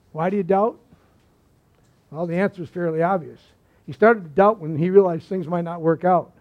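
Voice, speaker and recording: A pastor preaching a sermon, swinging between forceful emphasis and hushed, soft lines. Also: male voice, sits high, normal speed, muffled recording.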